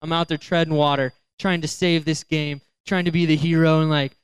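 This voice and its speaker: A young man giving a storytelling sermon, lively, acting out voices and laughing as he goes. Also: on the high side, a little fast, clean tone, no room sound. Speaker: youth speaker.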